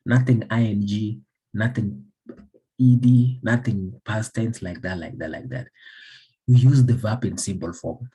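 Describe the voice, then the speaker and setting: A man from Somalia teaches English grammar. His voice is very husky, low and mellow. He drills example sentences again and again and quizzes the class with questions. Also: measured pace, poor audio. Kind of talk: grammar lesson.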